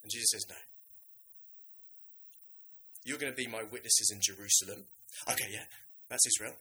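A man preaching a sermon in a lively, conversational way, now and then acting out the voices of biblical figures. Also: fairly low pitch, normal speed, low-quality recording.

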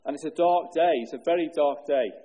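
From the pulpit, a pastor delivers an earnest sermon in a husky, mellow voice pitched slightly high. He poses questions to the congregation and drops low and slow on the solemn words.

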